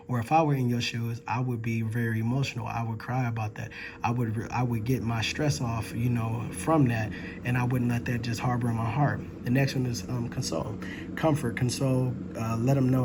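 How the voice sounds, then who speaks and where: An earnest man talks through a chapter review in a level, even voice and keeps to one tone. He is a ministry student who speaks informally and reflectively, with fillers and restarts. A faint hiss sits under the recording. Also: mid-range voice, brisk.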